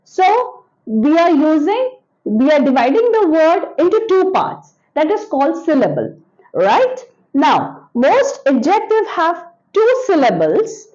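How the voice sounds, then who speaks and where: A woman teacher talks children through an English grammar lesson. She repeats each example word slowly, with a high, lively voice that rises and falls a lot. The recording sounds dull and lo-fi.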